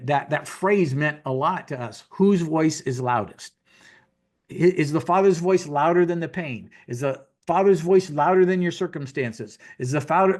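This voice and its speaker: Over a video call from his home office, a man in his sixties gives folksy, conversational teaching as a guest minister, repeating phrases to drive points home. His voice is on the high side.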